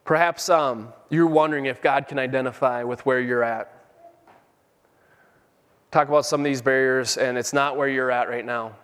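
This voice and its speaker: A man's voice: mid-range voice, steady tone, moderate pace, fairly bright tone, smooth. A middle-aged man preaching a sermon with fervent, emphatic peaks. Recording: long hall reverb.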